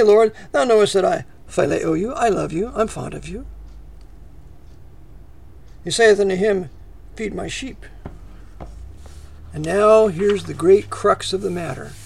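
A man preaching a sermon, reading scripture aloud and paraphrasing it in casual speech, swinging from emphatic peaks to hushed asides. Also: high voice, gravelly, husky. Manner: rises to emphatic peaks, drops to near-whisper asides; reads scripture in old English, then paraphrases conversationally. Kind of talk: expository sermon.

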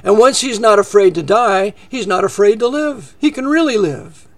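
Guy preaching hot and sarcastic, really high voice, keeps restarting mid sentence. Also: normal speed. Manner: heated, sarcastic, rambling with restarts. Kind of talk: fiery political sermon.

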